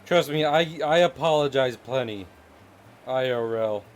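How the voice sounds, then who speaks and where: A male live streamer and artist draws while chatting with his audience in a playful, joking manner, laughing frequently. His voice is mid-range and unhurried, and soft music plays in the background.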